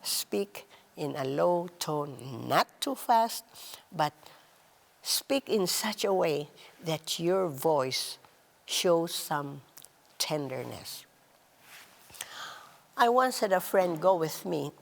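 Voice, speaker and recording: A woman hosting a talk on relationships, speaking in a slow, deliberate teaching style. She stresses words and drops softly on key phrases. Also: animated, gravelly, long reverb tail. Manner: measured, emphatic, drops to a soft low voice on key words. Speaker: host.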